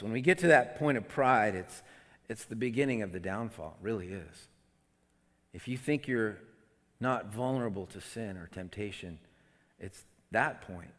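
A man preaching a sermon, swinging between loud, emotional outbursts and quiet, conversational asides. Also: fairly low pitch. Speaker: pastor. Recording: long hall reverb.

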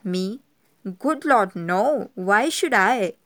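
A woman's voice: mid-range voice, expressive, extremely slow, fairly bright tone. A woman voicing a worried middle-aged male doctor who speaks in clipped, impatient bursts. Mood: flustered.

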